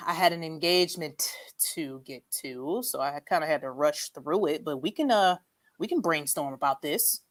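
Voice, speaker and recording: A woman hosting a casual livestream chat, reading viewer comments aloud, animated and quick to laugh, saying "y'all". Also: low-pitched. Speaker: livestream host.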